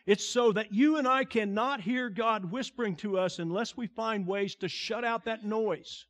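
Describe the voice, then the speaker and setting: A man preaching a sermon as a pastor, delivering slow, deliberate lines that fall to a hushed tone and swell on key words. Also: high-pitched.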